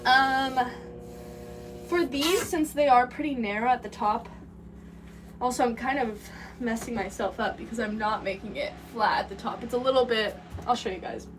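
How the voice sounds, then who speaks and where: A young woman rambling casually and laughing as she chats with a live-stream audience from a pottery studio. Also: fairly high pitch. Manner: rambling, chatty, quick to laugh. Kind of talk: casual live-stream chat while working. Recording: distant mic with background noise.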